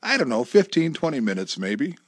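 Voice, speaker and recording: A man voicing an excitable, scheming husband who talks in an upbeat, persuasive way. His voice is mid-pitched and bounces around a lot. The sound is close and dry. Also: a little fast, no echo. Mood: eager.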